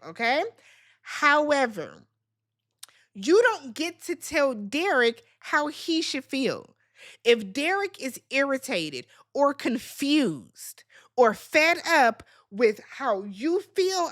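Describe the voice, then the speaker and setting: Sassy, high-voiced woman doing TV recaps. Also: a bit bright. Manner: blunt, sassy, profane. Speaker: reality TV recap host. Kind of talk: casual recap commentary.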